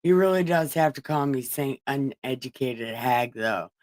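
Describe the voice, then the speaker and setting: An extremely low, expressive, slightly mellow female voice moves at a moderate pace. She hosts a casual Bible-reading livestream, cursing crudely and laughing as she chats with viewers.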